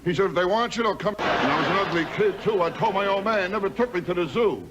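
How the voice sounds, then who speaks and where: Older self-deprecating stand-up comedian. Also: male voice, high-pitched, muffled recording, heavy background noise. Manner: self-deprecating, rapid-fire one-liners. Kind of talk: stand-up routine. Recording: recording with crowd laughter.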